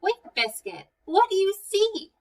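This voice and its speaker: A woman voicing a cheerful young girl talking gently to her puppy in a storybook reading. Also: very high-pitched, big pitch swings, recorded from a distance, voice pushed up, heavily acted. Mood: coaxing. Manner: gentle, coaxing, slow storybook delivery.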